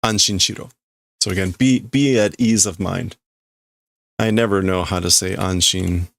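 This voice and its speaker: A man's voice: sits low, steady tone, moderate pace, gravelly, a bit bright, no echo. A man livestreaming as he reads and translates manga in a casual way, thinking aloud and often stopping to correct himself.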